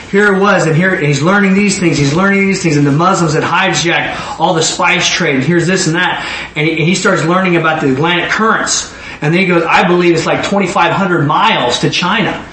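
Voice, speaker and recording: A man preaching a testimony in a rambling way, repeating words as he restarts. His voice sits high. The recording is echoey, with a faint background hiss. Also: a bit bright. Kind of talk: sermon testimony. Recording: echoey room with faint noise.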